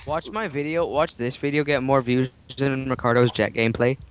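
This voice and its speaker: A man's voice: medium pitch, moderate pace, slight background noise. A young man recording his gameplay, a newcomer asking friends basic questions. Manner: new player, asks basic questions. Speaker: gamer recording a video. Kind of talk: casual gaming banter.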